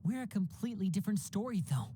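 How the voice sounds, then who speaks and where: A woman's voice: mid-range voice, expressive, fast, mellow, slightly rough. A woman voicing a young male stage magician in a video game, earnest and tense as the responsible leader. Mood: thoughtful. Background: faint game music.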